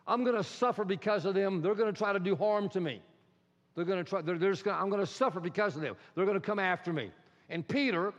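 Higher-voiced male preacher, animated, loud-to-hushed swings, dull recording. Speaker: pastor. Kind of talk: sermon. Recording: dull sound in a reverberant hall.

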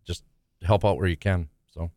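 A man's voice: low voice, fairly even intonation, moderate pace, mellow, dry recording. A man who is a firefighter guest, giving brief, modest answers in a studio interview.

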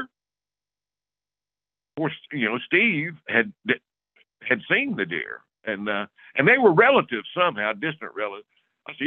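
A man, a podcast guest, telling a long story in a casual, lively way and acting out the other people's lines. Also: on the high side, normal speed, long pauses, husky, no room sound. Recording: tinny phone-like dry recording.

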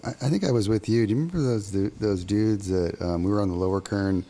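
A man's voice: fairly low pitch, fast talker, dark tone. A laid-back young man in casual chat, recalling a river trip with a friend and laughing easily. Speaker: fishing buddy.

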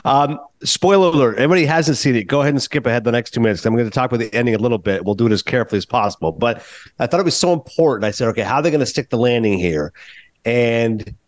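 A man's voice: medium pitch, lively intonation, very fast, no room sound. A man hosting an interview podcast, asking questions and eagerly praising the film. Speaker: podcast host.

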